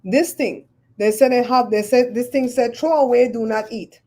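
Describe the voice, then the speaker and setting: Animated woman, mellow voice. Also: fairly high pitch, moderate pace. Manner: animated, exclaiming and retelling stories. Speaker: livestream host. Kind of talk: casual chat with live viewers.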